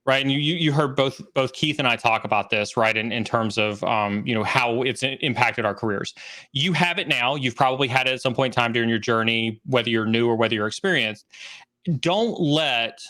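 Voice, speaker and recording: A man in his forties from the United States, appearing as a guest on a livestream interview as a cybersecurity trainer. His mid-range voice sounds pushed and bright, and he speaks earnestly and emphatically, repeating key phrases.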